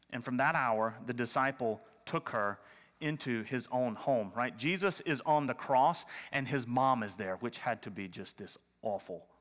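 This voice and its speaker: A man preaching a sermon as pastor, earnest and conversational, often asking "right?" and at times dropping to a hushed near-whisper. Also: medium pitch. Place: church sanctuary. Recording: church hall reverb.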